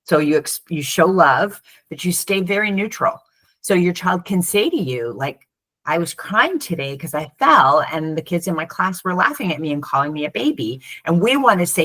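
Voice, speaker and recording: A woman's voice: lowish voice, moderate pace. A middle-aged woman, a former teacher turned parent coach, talking in an interview and acting out the voices of children and parents in her stories. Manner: animated storyteller who acts out children's and parents' voices. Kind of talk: conversational interview.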